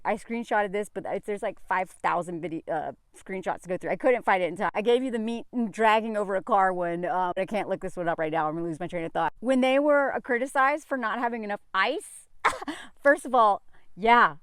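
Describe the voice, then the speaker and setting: American woman vlogging, laughs a lot, kinda high voice, dry close sound. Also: smooth, no echo. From United States. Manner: chatty, laughs often, mimics people in asides. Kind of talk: casual chat.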